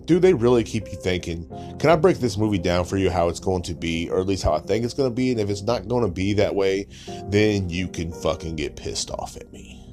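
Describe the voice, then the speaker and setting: Low voiced guy ranting on his podcast, cussing nonstop, sarcastic and mocking, faint music under it. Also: expressive, brisk, darkish tone. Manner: crude, sarcastic, mocking, swears constantly. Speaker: podcast host. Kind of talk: profane comedic rant.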